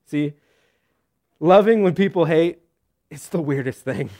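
A man preaching a sermon in a conversational style, with joking asides and lively storytelling. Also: fairly high pitch, a little slow. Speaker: pastor.

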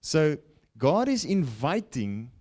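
Man preaching slow, voice going up and down a lot, keeps asking okay?. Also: fairly high pitch. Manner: animated, rising and falling preaching with frequent "okay?" asides. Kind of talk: sermon. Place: broadcast teaching setting.

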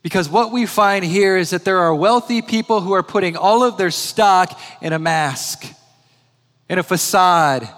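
Male preacher, fairly high voice, storytelling sermon, repeats key lines slowly; long church reverb. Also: fairly bright tone. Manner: slows and repeats key phrases for emphasis.

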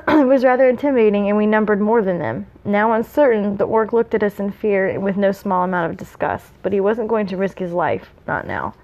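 A woman's voice: medium pitch, fairly quick, hardly any pauses. Woman reading a story aloud, dull recording. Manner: plain reading with small slips and asides. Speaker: reader. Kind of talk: reading fan fiction aloud.

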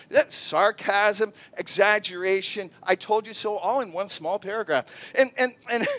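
A man preaching a sermon with a notably high voice. He tells stories with lively energy, dropping softer and then rising as he acts out other people's voices. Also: normal speed, no echo. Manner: animated storytelling, acts out voices. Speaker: pastor.

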